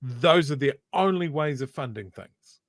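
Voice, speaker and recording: A man's voice: mid-range voice, expressive, unhurried, dry recording, studio quality. A man with a New Zealand accent, co-hosting a casual political commentary show, emphatic and argumentative. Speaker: co-host.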